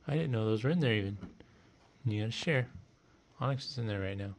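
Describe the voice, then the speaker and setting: A cat owner filming and talking to their pets in a cooing, affectionate voice with soft laughs. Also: mid-range voice, expressive, brisk, long pauses, slight background noise. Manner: cooing, affectionate pet talk.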